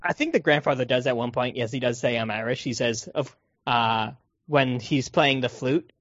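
A man's voice: mid-range voice, moderate pace, fairly bright tone, no room sound. A man in his twenties chatting casually about a movie, rambling and joking with frequent laughter. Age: 20s. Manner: rambling, jokey, laughs often. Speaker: podcast co-host. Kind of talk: casual movie review chat. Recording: dull lo-fi sound.

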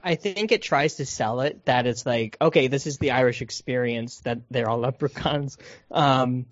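A man's voice: mid-range voice, moderate pace, no echo, lo-fi sound. A man chatting casually as co-host of a movie review podcast, joking and slipping into quoted voices.

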